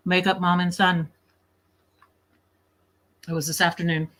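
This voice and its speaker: Bright-voiced woman chatting from bed. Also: fairly low pitch, little pitch movement, measured pace. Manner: chatty, laughs often, talks while snacking. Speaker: livestream host. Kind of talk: casual late-night livestream chat. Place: in her bed at home.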